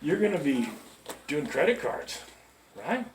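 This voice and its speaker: A man's voice: on the high side, sing-song, a little slow, slight background noise. A man speaking to new staff in a large music store, telling chatty stories and checking in with his listeners. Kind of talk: storytelling pep talk to a group. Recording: echoey store, from far off.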